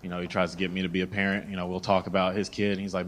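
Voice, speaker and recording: With a low voice and a racing delivery, a young Southern stand-up comic works a club stage as the audience laughs, acting out the characters he meets in lively stories. There's slight background noise.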